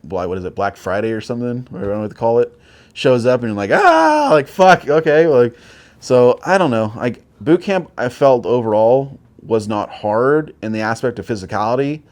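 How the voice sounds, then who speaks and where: A man's voice: mid-range voice, a little fast, darkish tone. A man in his forties, a military veteran telling his stories casually as an interview guest, profane and rambling with lots of filler words. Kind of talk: casual war storytelling.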